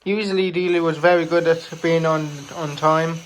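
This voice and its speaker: A man narrating his own homemade story in a halting, informal way. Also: on the high side, little pitch movement, a little hiss or hum. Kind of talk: amateur storytelling.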